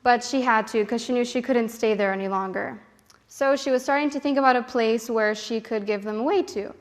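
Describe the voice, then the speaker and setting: A young woman with a fairly high voice tells a story to children at church. She keeps them involved with questions and slips into the characters as she goes. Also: a little fast. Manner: animated, asks the children questions.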